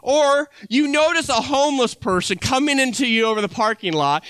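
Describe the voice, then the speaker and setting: Pastor, man, high bright voice, chatty preaching style, dry sound. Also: brisk, clear, resonant tone, dry recording. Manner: conversational, acts out little dialogues. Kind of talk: sermon.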